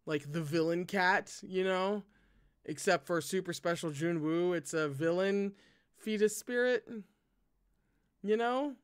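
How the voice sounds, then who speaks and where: A man's voice: high-pitched, slow, smooth. A man reading a novel aloud and breaking off for chatty, swearing commentary. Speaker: book reader.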